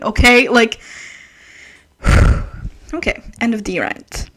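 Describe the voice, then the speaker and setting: Ranting woman with a higher voice. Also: very slow, pauses often. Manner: ranting, swearing, animated asides. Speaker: book reviewer. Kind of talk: casual book review vlog.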